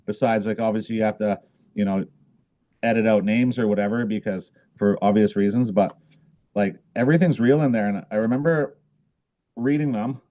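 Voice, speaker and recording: Casual male podcast guest, lowish voice, loose and rambling, slightly muffled recording. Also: fairly even intonation, moderate pace. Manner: rambling, many fillers and restarts. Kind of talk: casual interview chat.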